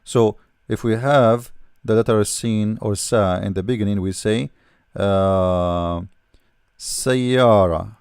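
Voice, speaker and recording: A man's voice: on the low side, steady tone, takes it slowly, a little mellow, clean tone, dry recording, clean studio sound. A man teaching the alphabet patiently, repeating sounds and often checking in with "all right?". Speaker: language teacher. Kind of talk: explaining letters while writing.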